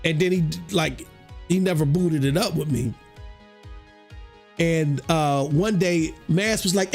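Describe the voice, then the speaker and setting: Speaking at a measured pace with long pauses, a gaming podcast host with a somewhat high voice tells animated stories over soft background music. He's slangy and swears without restraint, acting out quotes loudly.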